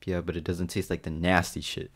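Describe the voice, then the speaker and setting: A young man co-hosting a casual podcast, telling school stories with lots of swearing and animated quoting. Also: low voice, brisk. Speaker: podcast co-host. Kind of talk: casual chat.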